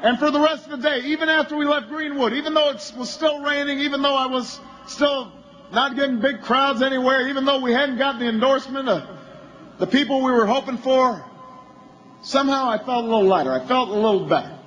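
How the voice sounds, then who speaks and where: A man, a politician, giving a campaign rally speech as an anecdote that builds toward shouting. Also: extremely high pitch, fairly quick, lo-fi sound.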